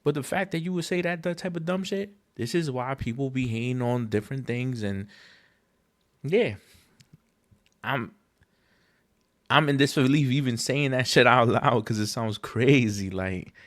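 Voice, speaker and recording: A man hosting a podcast in a casual solo monologue, with an emphatic, slangy, profane rant that jumps up in pitch when he gets exasperated. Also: measured pace, long pauses, fairly bright tone. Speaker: podcast host.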